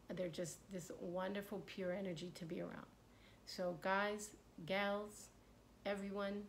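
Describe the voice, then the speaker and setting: Animated woman reading a story aloud. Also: mid-range voice, slight background noise, rough recording. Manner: animated, warm-hearted, encouraging. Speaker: online host reading a self-help book. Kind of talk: read-aloud storytelling with chatty asides.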